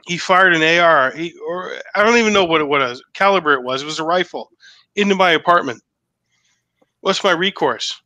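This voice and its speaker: A man telling a story in casual chat, excitable and profane, stumbling and repeating himself. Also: a little high, a little fast, no room sound.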